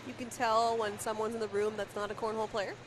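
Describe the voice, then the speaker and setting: A woman's voice: a little high, level tone, fast talker. A woman doing playful play-by-play commentary on a cornhole match. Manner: playful, laughs often between calls. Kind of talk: casual sports commentary. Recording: noisy event recording.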